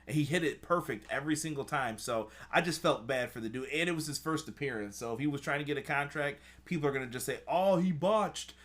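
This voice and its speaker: A man's voice: on the high side, a bit bright. A man hosting a casual wrestling review chat, blunt and profane, reading out viewer comments as he goes. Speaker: podcast host.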